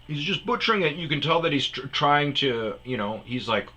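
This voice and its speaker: A man's voice: fairly high pitch, moderate pace, hardly any pauses. A man hosting a podcast, telling a comedic story as a heated, profane rant. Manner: heated, profane, animated retelling. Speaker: podcast host.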